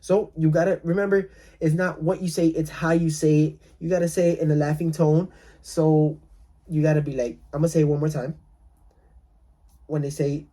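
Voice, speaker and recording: A man's voice: fairly even intonation, moderate pace, mellow. A man coaching real estate wholesalers in a casual talk, acting out calls with sellers and often repeating himself. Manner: role-plays calls with sellers, laughing at his own lowball offers; repetitive, restarts often.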